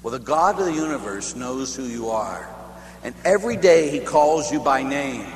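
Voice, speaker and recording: Priest telling a story in a reverberant hall. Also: male voice, mid-range voice, lively intonation, normal speed. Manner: storytelling with acted quotes and rising emphasis. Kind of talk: retreat talk. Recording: echoey hall with long reverb and faint hum.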